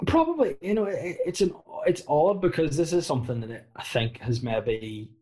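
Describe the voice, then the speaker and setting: A man's voice: on the high side, expressive, normal speed, dark tone. Rambling self-mocking man in his thirties. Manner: rambling, self-deprecating storytelling with many fillers. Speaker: comedian and podcast guest. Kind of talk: casual chat.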